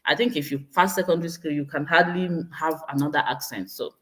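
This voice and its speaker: Hosting her own livestream, a woman in her thirties with a Nigerian accent chats casually and energetically with viewers, exclaiming often and responding to comments as she reads them. Her voice is deep and a bit bright, and she speaks quickly.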